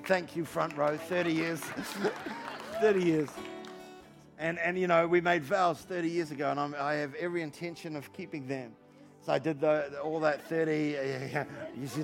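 A man in his fifties preaching a sermon in a church, energetic and joking, driving points home with repeated rhetorical questions. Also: a little high, moderate pace, gravelly, faint music behind. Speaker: pastor. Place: church hall.

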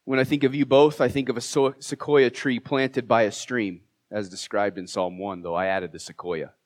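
A man preaching from the pulpit of a church, his voice sitting at an ordinary middle pitch. He speaks with open emotion and warmth toward his congregation, cracking jokes at his own expense. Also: steady tone, moderate pace. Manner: emotional, heartfelt, self-deprecating humor. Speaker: pastor. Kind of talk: sermon. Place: church sanctuary.

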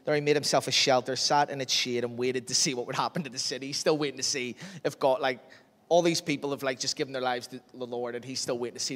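A man preaching a sermon, telling a Bible story in a lively way and acting out its scenes. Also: medium pitch, fast. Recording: long reverb of a large hall.

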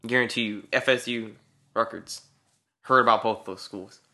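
A man's voice: lowish voice, steady tone, normal speed, pushed and bright. A young man in his late teens chatting casually as a co-host, teasing and sarcastic in his banter. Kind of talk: casual chat.

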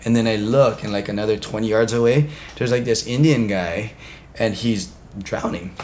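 A man telling a funny story as a podcast guest, animated and laughing as he goes. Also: medium pitch, moderate pace, background noise. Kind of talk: casual storytelling.

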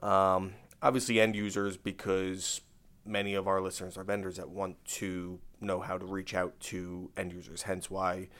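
Low flat-voiced American man. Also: normal speed. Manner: relaxed, low-key, dry understatement. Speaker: podcast co-host. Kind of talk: casual chat.

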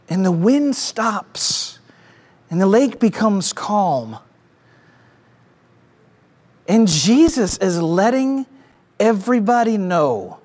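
A pastor preaching a sermon with emphatic delivery and rhetorical questions, swinging from raised to hushed. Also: mid-range voice, sing-song, slow pace. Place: church stage with slides behind.

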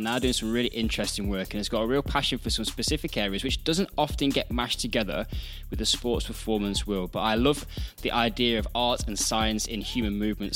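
A man's voice: on the low side, a bit bright. Upbeat man introducing a podcast. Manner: upbeat, enthusiastic. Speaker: podcast co-host.

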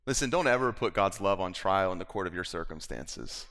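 A man preaching a sermon that turns into an animated personal story. His voice sits a bit low but sounds bright and forceful. He acts out the other people in the story and stammers the way he did when he was nervous. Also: brisk.

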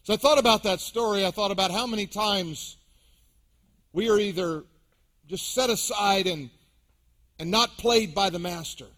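A man's voice: high voice, moderate pace, pauses often, a bit bright. A man preaching a sermon as pastor to his congregation, with emphatic rises and drops. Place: church sanctuary.

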